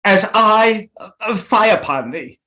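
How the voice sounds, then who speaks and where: Woman reading alarmed wife crying out, slow and lively in pitch. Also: rough recording. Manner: loud, exclaiming. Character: alarmed wife, scolding and loud. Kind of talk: amateur play reading.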